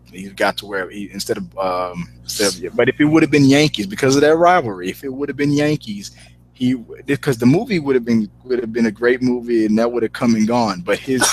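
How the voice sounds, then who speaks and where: Casting: male movie reviewer, mid pitch, loose rambling delivery, light hum behind. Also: rough recording. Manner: rambling, repeats words when starting sentences. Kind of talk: casual chat.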